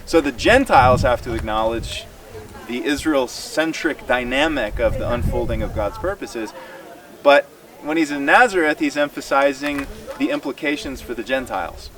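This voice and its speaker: A man giving an animated, emphatic Bible teaching to a tour group outdoors. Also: medium pitch, moderate pace. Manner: animated and emphatic, acts out quoted dialogue. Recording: distant mic outdoors with crowd noise.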